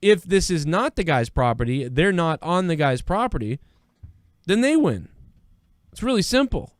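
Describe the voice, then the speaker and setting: A man's voice: fairly high pitch, very animated, moderate pace, dry recording, studio quality. A man hosting a live news-reaction stream, talking in a rambling, profane, conversational way. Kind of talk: casual live-stream commentary.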